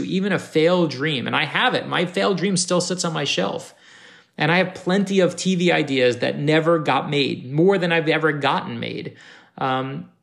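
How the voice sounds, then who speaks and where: A man from Florida with a gravelly, fried edge, talking emphatically in an interview. He hammers home his points by repeating them and acts out the dialogue when he tells a story. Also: mid-range voice. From North Miami Beach, Florida. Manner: emphatic, repeats key phrases for punch; animated storyteller acting out dialogue. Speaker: author guest. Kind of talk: motivational interview talk.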